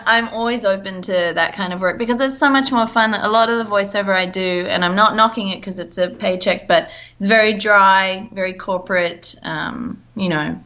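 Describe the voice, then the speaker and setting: A woman's voice: mid-range voice, normal speed, few pauses, sharp tone, dull audio. An Australian woman, a voice actor, chatting casually in an interview, laughing easily and sometimes trailing off. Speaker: voice actor guest.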